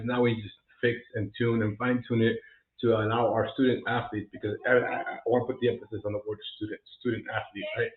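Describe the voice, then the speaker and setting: Earnest man, tinny echoey audio. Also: lowish voice. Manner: earnest, encouraging, many fillers and restarts. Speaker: realtor vlogger. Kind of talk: casual vlog talk to camera. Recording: echoey room, tinny phone-like sound.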